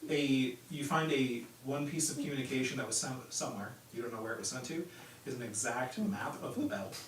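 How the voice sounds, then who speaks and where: A man running a tabletop game as game master, narrating in a relaxed way with plenty of ums and likes. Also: mid-range voice, fairly quick. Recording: echoey room from far off with background noise.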